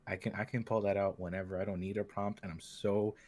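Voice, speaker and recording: A man's voice: on the low side, flat delivery, quick pace, a little mellow. An American man co-hosting a podcast in casual chat, agreeable and often repeating and restarting his words. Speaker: podcast co-host, voice actor.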